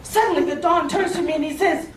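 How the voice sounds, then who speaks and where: A woman delivering a humorous tall-tale speech with a theatrical, lively delivery, recorded from far off in an echoey, noisy hall. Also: very high voice, fast talker. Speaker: speaker.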